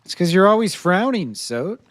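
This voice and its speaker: Lively, chatty American streamer guy. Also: high-pitched, normal speed, no room sound, clean studio sound. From United States. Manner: chatty, laughs often, talks to himself while looting. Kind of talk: live gameplay commentary to chat.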